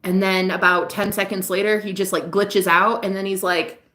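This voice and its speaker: A woman's voice: mid-range voice, flat delivery, moderate pace, pushed and bright. Rambling, sleepless woman vlogger venting late at night. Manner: rambling, candid, swears freely. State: sad and sleepless. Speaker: vlogger and psychic reader. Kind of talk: confessional late-night vlog.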